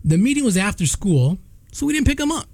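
Animated high-voiced male radio host. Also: fast, dry recording. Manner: animated storytelling with restarts. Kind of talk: casual radio chat.

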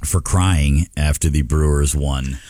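A man's voice: rumbling low, fairly even intonation, slow, warm tone, no echo, clean studio sound. A man hosting a radio show, telling stories in an earnest, rambling way during casual on-air banter. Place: radio studio.

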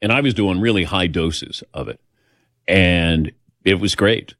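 A man's voice: deep voice, a little slow, a bit bright, dry recording, clean studio sound. An older man hosting a show, telling personal stories in a chatty, self-deprecating way and acting out the voices he quotes. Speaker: host. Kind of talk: casual storytelling chat.

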